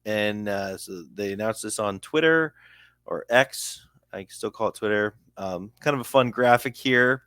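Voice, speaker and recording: A man's voice: fairly low pitch, unhurried, a bit bright, clear, resonant tone, dry recording, studio quality. A young man with a Canadian accent hosting a casual sports news video, reading an article aloud with chatty asides and stumbling over names.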